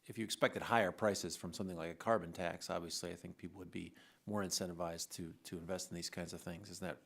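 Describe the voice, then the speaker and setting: Low-voiced male lawmaker, halting questioner at a hearing. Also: fairly even intonation, creaky. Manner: halting, many fillers and restarts. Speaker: congressman questioning witnesses.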